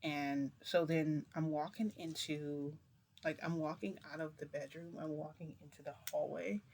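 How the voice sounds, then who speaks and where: A woman recounts a long story in loose, casual speech, stumbling over restarts and packing in fillers. She keeps her voice low and hushed. A faint background hiss sits under her voice. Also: steady tone, normal speed. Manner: rambling, filler-heavy retelling with many restarts; speaks low to keep quiet. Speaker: storytime vlogger.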